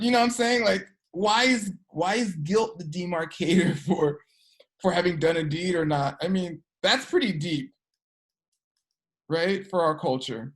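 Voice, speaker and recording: An energy work teacher leads a casual class at a measured pace, chatty and full of "like" and "you know." She tells stories and acts out characters with sudden pitch jumps.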